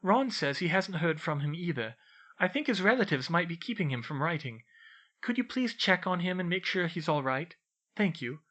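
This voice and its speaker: An eager, know-it-all young schoolgirl witch speaks in a high, lively voice, as a man narrating puts her on. She sounds crisp and instructive. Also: moderate pace. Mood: earnest.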